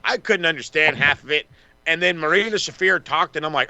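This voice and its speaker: A man chats through a wrestling recap on a podcast, profane and excitable. He drops into short mocking impressions of wrestlers. His voice is bright and punchy, sitting a little high, and the sound is dry and close to the mic. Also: fairly quick, no room sound. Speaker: podcast co-host. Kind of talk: casual wrestling recap chat.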